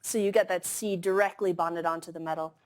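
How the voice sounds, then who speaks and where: A woman with a somewhat low voice lectures to a class in a relaxed, conversational way. She talks through the material with plenty of "um"s and "like"s, keeping it informal and approachable. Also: fairly quick, a little hiss or hum. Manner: casual, filler-heavy explaining with frequent "um" and "like". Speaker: chemistry lecturer. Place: lecture hall.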